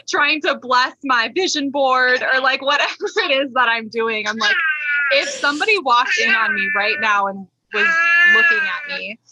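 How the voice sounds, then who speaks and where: A woman's voice: sits high, big pitch swings, a little slow, bright, forceful tone, low-quality recording. A young adult woman co-hosting a casual podcast chat, rambling in a giggly, friendly way. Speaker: podcast co-host.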